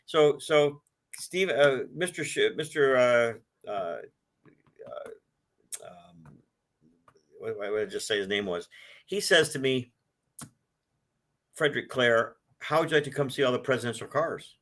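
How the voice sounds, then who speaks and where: An older man tells a long, rambling story in a relaxed interview. His voice is bright and forceful, and he jumps into other people's voices when he quotes them. The delivery is loose and chatty, with lots of restarts. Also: mid-range voice, a little slow, pauses often. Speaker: guest, collector of a presidential car.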